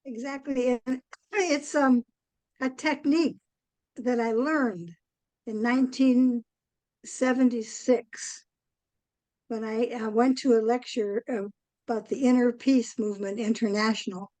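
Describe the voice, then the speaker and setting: An older woman, a guest in an interview, telling a long story in a rambling way, with many pauses and "um"s. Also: on the high side, fairly even intonation, a little mellow, dry recording, poor audio. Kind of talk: casual interview chat.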